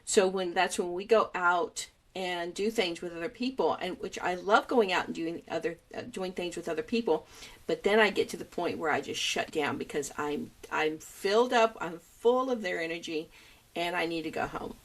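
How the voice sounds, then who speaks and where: Low-voiced woman hosting a podcast chat. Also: normal speed. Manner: reflective, hesitant with restarts. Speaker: podcast host. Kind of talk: casual conversational interview.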